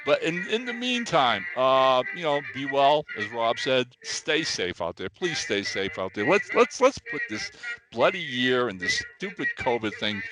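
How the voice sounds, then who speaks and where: A man co-hosting a casual podcast from a studio, animated, often restarting his sentences, and telling a joke. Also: medium pitch, unhurried, noisy background. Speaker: podcast co-host.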